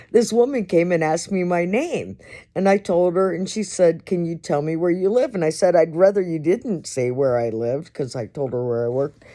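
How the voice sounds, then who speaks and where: A woman's voice: lowish voice, dark tone. A middle-aged woman telling stories in a casual monologue, laughing often and swearing freely. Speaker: host.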